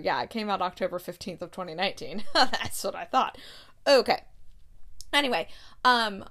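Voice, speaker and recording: A woman's voice: mid-range voice, fairly bright tone. A woman chatting casually about books, laughing and reacting in disbelief as she reads blurbs aloud. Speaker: book vlogger. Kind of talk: casual book review chat.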